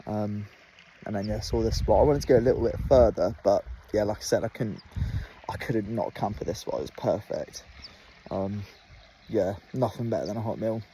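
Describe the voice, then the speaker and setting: A young man talks casually to camera while camping outdoors on open moorland. His voice is mellow and relaxed, and his jokey, sweary chat is set against faint background noise. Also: fairly low pitch, moderate pace. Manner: laid-back, sweary, jokey. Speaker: vlogger.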